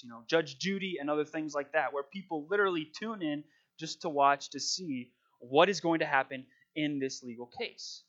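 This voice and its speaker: A man's voice: fairly high pitch, a bit bright, highs cut off. A man preaching, reading scripture dramatically and then talking it through in a casual, conversational way.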